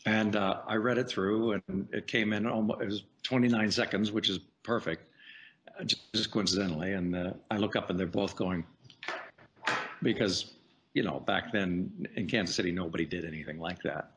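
Deep-voiced man telling career stories. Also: moderate pace, breathy edge. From United States. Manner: chatty, animated anecdotes with playful voice impressions. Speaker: voice actor guest. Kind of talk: casual interview storytelling.

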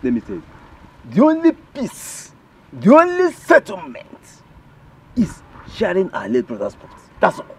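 A man's voice: mid-range voice, sing-song, fast, vocal fry, few pauses, slightly rough, heavily acted. A man with a Nigerian accent playing a scheming uncle who ends up pleading and confessing. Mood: scornful. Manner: shouting, then pleading and groaning. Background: film score.

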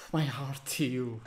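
A man from Algeria hosting a reaction video, gushing with effusive praise in simple, broken English. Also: medium pitch. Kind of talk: casual reaction commentary. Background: loud song playing.

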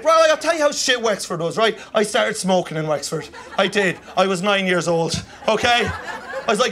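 A young Irish man from Kilkenny doing stand-up in a comedy club, rambling fast and tagging lines with "you know what I mean". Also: high voice, lively intonation, a crowd in the background. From Ireland. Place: comedy club stage with laughing audience.

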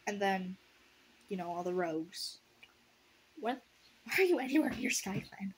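A woman's voice: mid-range voice, lively intonation, moderate pace, pauses often, a little hiss or hum. A woman casually reading a fan story aloud and breaking off for sarcastic, laughing commentary. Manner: sarcastic, laughs often, unscripted. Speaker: audiobook reader and commentator.

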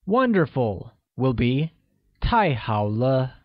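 A man reading a scripted language lesson, slowly spelling out each phrase for learners. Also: medium pitch, sing-song, no echo. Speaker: language teacher. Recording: dull, lo-fi voice-over recording.

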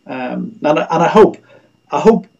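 A man's voice: on the high side, animated, moderate pace, creaky, darkish tone, dull audio. A middle-aged man, a Christian radio executive, speaking as a guest in a livestream interview over a video call, in an earnest, preacher-like way with repeated phrases.

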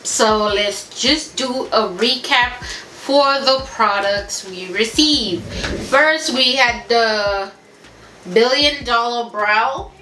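Bright-voiced woman chatting, echoey room. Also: fairly high pitch, slight background noise. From Haiti. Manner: chatty, gushing, addresses viewers as y'all. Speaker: beauty vlogger. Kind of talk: casual unboxing review. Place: home room with family noise around.

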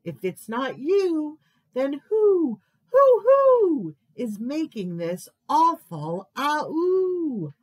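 A woman plays a fussy storybook owl that hoots and huffs, her voice leaping high on every hoo. The delivery is loud, lively and unhurried. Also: no echo, exaggerated voice. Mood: hooting. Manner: hooting. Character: wise owl who hoots, fussy and huffy.

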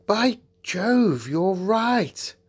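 A man's voice: medium pitch, big pitch swings, a little slow, voice pushed up. A man reading an audiobook and voicing a blunt, decent eldest schoolboy with a raised, exclaiming manner. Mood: amazed.

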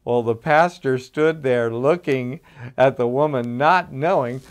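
A man telling a children's story at a church service, animated, with frequent restarts and questions to his young listeners. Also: medium pitch, a little slow, clean tone.

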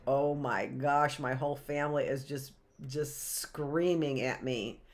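Chatty woman with a low voice. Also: measured pace. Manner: chatty, wanders off into asides and questions. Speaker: teacher. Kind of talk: reading a picture book aloud to young children on a livestream.

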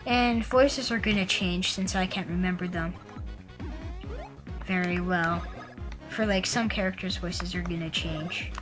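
A woman giving casual commentary on a video game, rambling and halting with lots of fillers. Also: fairly low pitch, music in the background, rough recording. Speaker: let's player.

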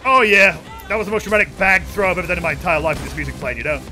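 Goofy, excitable young man streaming. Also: fairly high pitch, rapid-fire. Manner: goofy and excitable, with sudden yells. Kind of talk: casual gaming commentary. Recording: game music playing behind.

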